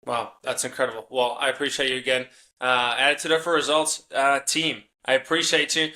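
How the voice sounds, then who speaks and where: A male podcast host talks fast in a bright, forceful voice. He sounds upbeat and encouraging, recorded a little off mic in an echoey room. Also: medium pitch, flat delivery. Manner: upbeat, brief affirmations, quick sign-off. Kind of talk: casual interview chat.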